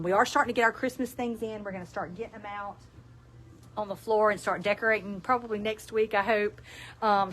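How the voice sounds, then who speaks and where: A woman's voice: mid-range voice, a little hiss or hum. Chatty Alabama woman hosting a live sale. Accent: Southern US (Alabama). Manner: chatty and folksy, laughing often, reading sayings aloud. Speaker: shop owner hosting a live product showcase. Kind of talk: casual livestream product chat.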